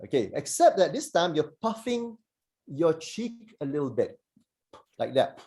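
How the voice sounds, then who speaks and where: Male teacher, slightly higher voice, mellow tone; patient, encouraging, demonstrates sounds slowly over a call. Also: sing-song. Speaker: Arabic letters teacher. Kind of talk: online pronunciation lesson.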